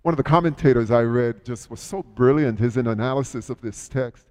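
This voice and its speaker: A man preaching a sermon in a church, retelling a story with dramatic swings between loud cries and hushed words. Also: medium pitch, brisk, in a large hall. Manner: storytelling, dramatic shifts in loudness and pace. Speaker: pastor.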